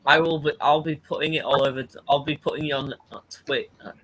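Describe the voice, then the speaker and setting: A man co-hosting a stream in casual chat, halting and restarting often. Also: fairly high pitch, fairly even intonation, fairly bright tone, slight background noise, low-quality recording.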